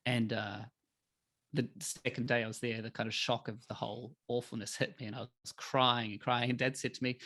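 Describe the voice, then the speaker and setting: A middle-aged man, a podcast guest telling emotional stories in a candid, animated way. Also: mid-range voice, a little fast. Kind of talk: candid conversational interview.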